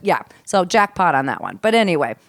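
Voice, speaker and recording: Lively, animated middle-aged woman. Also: on the low side, a little fast, no echo. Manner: energetic, animated storyteller. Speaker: podcast guest. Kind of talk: casual chat. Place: home.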